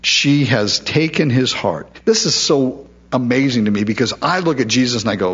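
A man's voice: medium pitch, animated, moderate pace, hardly any pauses, a bit bright, breathy edge, dull audio. A man preaching a sermon in a conversational way, with frequent asides and quoted voices.

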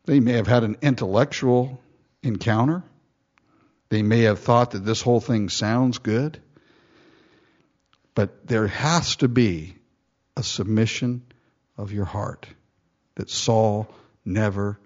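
A man's voice: lowish voice, slow, long pauses. A man preaching verse by verse, reading old-style scripture aloud, acting out the lines and chuckling often. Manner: lively storytelling, reading King James verses and acting them out. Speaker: pastor. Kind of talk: verse-by-verse sermon. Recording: dull lo-fi recording.

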